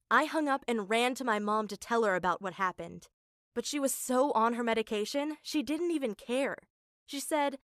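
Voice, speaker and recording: High-voiced woman narrating a personal story. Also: normal speed, a bit bright, dry recording, studio quality. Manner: earnest, emotional storytelling.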